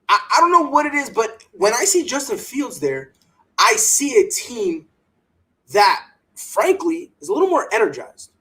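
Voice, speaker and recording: Sports talk podcast host, emphatic and restless, pitch swinging all over as they argue their takes. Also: rough recording. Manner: animated and emphatic, repeats words, mocks others in quoted voices.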